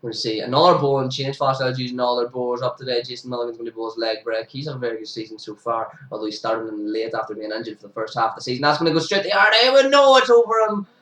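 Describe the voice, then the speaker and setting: A young man, sniffly with hay fever, giving casual commentary over his club's cricket highlights and bursting into excited shouts at big moments. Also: very fast, hardly any pauses. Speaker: amateur cricket commentator for his own club. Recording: roomy sound, distant from the mic.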